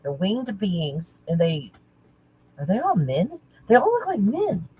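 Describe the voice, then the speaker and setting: A woman talking casually as a spiritual teacher, halting and searching, correcting herself often. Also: mid-range voice, sing-song, mellow, slight background noise, low-quality recording. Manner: halting, searching, self-correcting with nervous laughs. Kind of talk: casual channeling talk.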